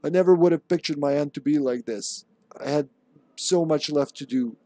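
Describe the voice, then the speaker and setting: A man voices a self-pitying would-be novelist from a survival horror game who is facing his end, reading his last words in a melodramatic, mournful way. He pitches it a touch above a plain speaking voice, keeping a natural, warm tone at normal speed with no room sound.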